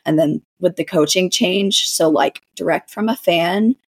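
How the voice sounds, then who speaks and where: A woman's voice: on the low side, unhurried, slightly rough, dry recording. A young woman hosting a podcast in casual chat, giggly and gushing. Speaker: podcast host.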